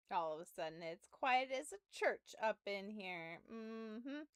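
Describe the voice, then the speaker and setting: This young adult woman streams from home, sitting close to her mic as she tells an animated, slowly paced story full of laughs and profanity. Her mid-range voice has a clean tone and the recording has no room sound.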